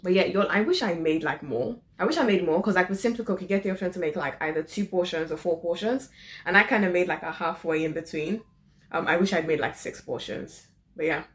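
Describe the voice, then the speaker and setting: A woman's voice: lowish voice, expressive, fast talker. A woman vlogging casually at home, chatty and informal as she explains furniture assembly and chats while eating. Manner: chatty, informal, lots of "literally" and "like". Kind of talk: casual how-to vlog chat. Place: home living room.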